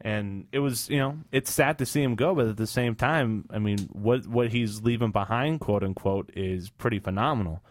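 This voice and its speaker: A man hosting a casual gaming podcast, talking in animated, excitable banter. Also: on the low side, normal speed, few pauses, no echo. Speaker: podcast host.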